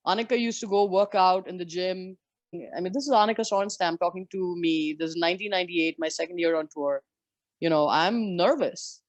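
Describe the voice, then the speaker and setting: A woman's voice: lowish voice, brisk, dry recording. Candid woman telling stories, dry sound. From India. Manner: lively, candid anecdotes with frank swearing. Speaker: interview guest, former professional golfer. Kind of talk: storytelling in a conversation.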